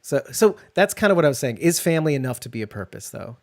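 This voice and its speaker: A man's voice: medium pitch, very animated, quick pace, creaky, dry recording, clean studio sound. A man co-hosting a casual discussion show, thinking aloud in loose, rambling sentences. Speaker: podcast co-host.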